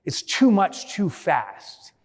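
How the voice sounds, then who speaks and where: A man's voice: sits high, takes it slowly. A man giving a motivational business keynote on a conference stage, telling stories with energy and acting out scenes. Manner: energetic storyteller, mimics and shouts when acting out scenes. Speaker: keynote speaker. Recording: long hall reverb.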